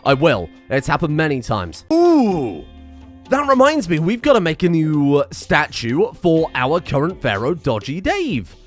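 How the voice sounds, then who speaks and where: A man narrating his game in a rambling, self-mocking way, swearing often. His pitch sits a bit high and swings widely as he talks. Faint music plays underneath. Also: wildly swooping pitch, measured pace. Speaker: gaming channel host. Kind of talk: let's play commentary.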